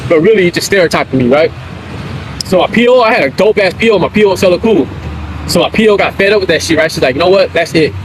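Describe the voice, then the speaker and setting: Fast-talking man telling a street story. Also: a little high, slight background noise, low-quality recording. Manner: street slang, keeps checking in with "right?" and "you feel me?". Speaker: live streamer. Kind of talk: casual storytelling.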